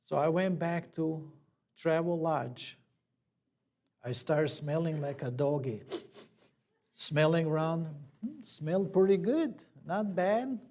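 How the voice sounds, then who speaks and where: A man's voice: high voice, mellow. A man, a church elder, telling a personal story in a plain conversational sermon, acting out the dialogue.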